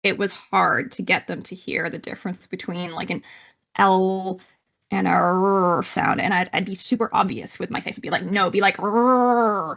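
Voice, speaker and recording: Bright-voiced Canadian woman lecturing. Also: lowish voice, gravelly, lo-fi sound. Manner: conversational, with frequent fillers and restarts. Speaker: psychology instructor. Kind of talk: live online lecture.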